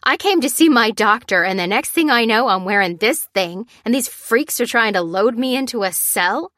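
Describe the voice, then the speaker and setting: A furious, frightened woman patient pushes her voice up high and loud, defiant and jumpy, as a woman narrator acts her out. This storybook figure sounds cornered and ready to fight. Her outbursts come dry and close. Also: animated, normal speed, no echo.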